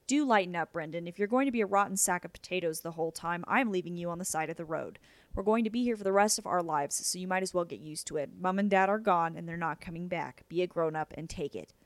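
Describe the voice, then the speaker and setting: A woman voicing a bossy teenage big sister with a British accent, brisk and scolding. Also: fairly low pitch, dry recording, natural voice.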